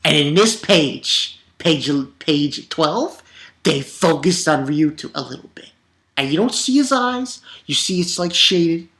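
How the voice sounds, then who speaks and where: A man talking through a comic chapter in an unhurried, drawn-out way, his voice bright and forceful. He rambles, circles back on himself, and swears freely. Every so often he breaks into loud, gleeful outbursts. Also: on the high side, vocal fry. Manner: rambling with restarts. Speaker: manga reviewer. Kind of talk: casual chapter review.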